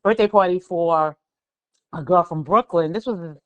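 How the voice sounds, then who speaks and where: A woman's voice: lowish voice, a little slow, no echo, lo-fi sound. A woman from the Bronx. She is a guest and tells stories in a casual chat, acting out the people she quotes. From the Bronx, New York. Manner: animated storyteller, acts out quoted voices. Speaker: guest, pastry chef. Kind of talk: casual conversation.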